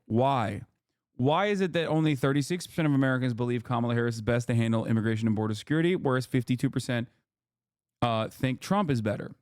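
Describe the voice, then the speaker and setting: A man's voice: medium pitch, a little mellow, no room sound, studio quality. A man streaming from his living room, giving profane, exasperated political commentary. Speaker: Twitch streamer.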